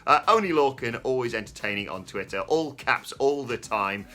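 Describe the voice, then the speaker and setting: A man hosting a casual podcast chat, his voice bright and forceful. He talks in an animated way, exclaiming and laughing often. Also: medium pitch, moderate pace. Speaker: host.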